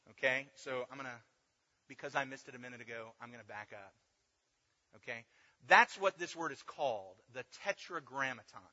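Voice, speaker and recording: A man's voice: on the high side, pushed and bright, long reverb tail, highs cut off. A man giving a Bible class lecture, explaining step by step and checking in with the listeners. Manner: explanatory, checks in with "okay" and "right". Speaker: Bible teacher.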